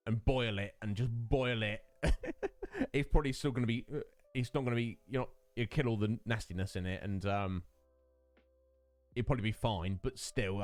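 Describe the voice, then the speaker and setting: A man's voice: fairly low pitch, no room sound. A man hosting his own stream, chatting casually with viewers, greeting them by name and laughing often. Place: home streaming setup.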